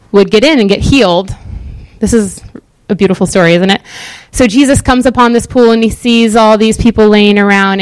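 A woman giving a casual, sermon-style Bible teaching in a chatty, animated way with many fillers. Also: medium pitch, clear, resonant tone, dry recording.

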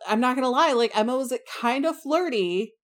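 A woman's voice: high voice, a little fast. A woman co-hosting a casual book discussion, talking frankly and with slang, and acting out the characters' lines. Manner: animated, frank, slangy, acts out quotes.

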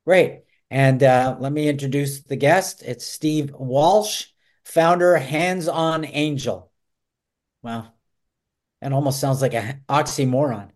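A man's voice: mid-range voice, slow pace. A man hosting a business interview show, introducing guests in a friendly, joking way over a video call. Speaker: host.

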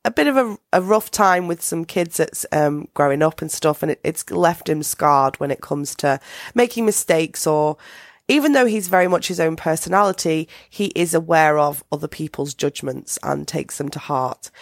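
A woman's voice: low-pitched, dry recording, studio quality. A woman hosting a casual solo podcast, rambling with many fillers and restarts. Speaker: podcast host.

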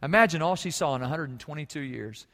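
A man preaching a sermon, moving from hushed stories to loud, fervent preaching. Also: fairly high pitch, lively intonation, fast talker. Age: 40s. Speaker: pastor. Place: church sanctuary. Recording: long reverb of a large church hall.

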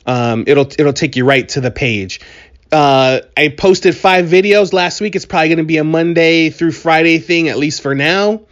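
Male podcast host, slightly high, animated and joking, allergy-worn voice, muffled home recording. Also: moderate pace. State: allergies, voice a bit strained. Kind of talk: casual solo podcast monologue.

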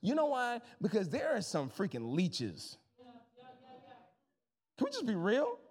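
Pastor, man in his thirties, very high voice, chatty sermon delivery full of asides. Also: a little slow, husky, in a large hall. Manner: lively, conversational preaching with jokes and asides to the congregation.

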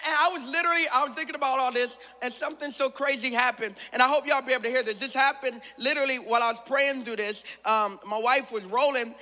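A pastor preaching to his congregation, a man with a strikingly high, bright and forceful voice. He tells stories in a lively, joking way, talking straight to the crowd. His voice rings out with a long reverb through a large hall. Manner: lively, humorous storytelling with frequent laughter and asides to the congregation. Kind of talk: sermon.

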